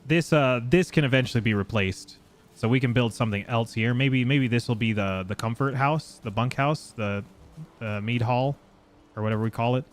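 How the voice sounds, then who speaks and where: A man live-streaming a game, chatting casually and excitably with his viewers and swearing freely. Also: mid-range voice, normal speed. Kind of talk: casual live gameplay chat.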